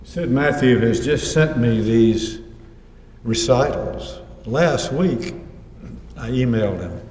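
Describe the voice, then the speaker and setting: A man gives an author's talk, trading anecdotes and quoting others in his own voice. His tone is dark and mellow. He is heard from a distance in a roomy, echoing hall. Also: mid-range voice, lively intonation, slow pace, slight background noise. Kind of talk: lecture with slides. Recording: echoey hall, mic far off.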